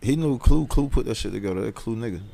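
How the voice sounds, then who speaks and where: Southern guy rapper on a podcast, talks fast, kinda gravelly, laid back rambling. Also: mid-range voice, lively intonation, crowd noise. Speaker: rapper guest. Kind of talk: casual chat.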